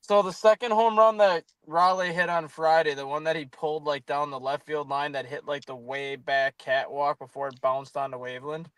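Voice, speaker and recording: A man's voice: a little high, level tone, moderate pace, hardly any pauses, a bit bright, clear, resonant tone, no echo. A man co-hosting a sports talk stream, telling ballpark stories with wry, self-deprecating humor. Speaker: sports show co-host. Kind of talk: casual sports chat.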